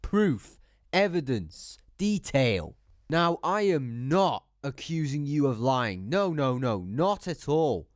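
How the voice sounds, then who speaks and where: A man's voice: on the high side, dry recording, studio quality. A man giving blunt, sarcastic commentary, swearing freely as he talks. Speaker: YouTube commentator. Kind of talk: opinionated commentary.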